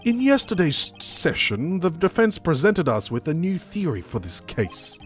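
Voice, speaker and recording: An Australian man voicing a smug young male prosecutor in a high, nasal voice with drawn-out, emotive vowels. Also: sing-song, faint music behind. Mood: haughty.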